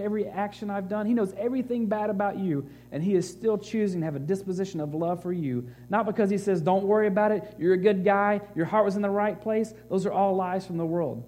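Animated male pastor, mellow voice. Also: sits high, fairly quick. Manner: animated, rising to excited emphasis. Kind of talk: sermon.

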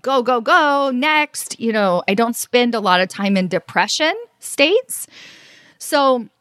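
A woman's voice: a little high, a bit bright, no echo, studio quality. A woman in her forties hosting a podcast, telling a personal story in a candid, chatty way with lots of "like". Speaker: podcast host.

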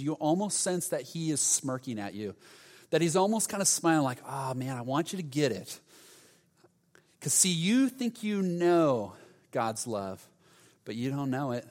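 A man preaching a sermon in an earnest, conversational way, acting out quoted lines. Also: on the high side. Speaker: pastor. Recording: reverberant hall.

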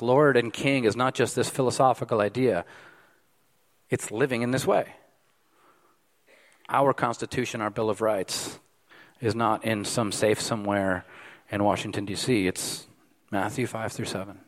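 A man preaching a sermon as pastor, emphatic, swinging from loud peaks to hushed lines. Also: on the low side, fairly even intonation, normal speed. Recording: long hall reverb.

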